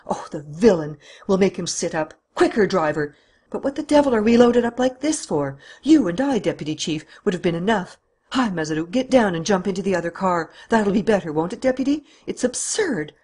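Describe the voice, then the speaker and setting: A man voices a bold gentleman thief in a storybook reading, roaring and raging as his voice jumps up high. He is husky, fast to command, and barks short orders. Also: animated. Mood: urgent, commanding. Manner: shouting, furious, commanding. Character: bold gentleman thief, adult male, masterful.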